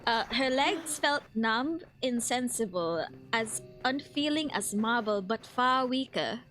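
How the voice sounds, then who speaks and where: A woman's voice: on the high side, animated, takes it slowly, fairly bright tone, soft background music. A woman from the Philippines streaming a game, reading the story aloud in a put-on British accent and giggling often.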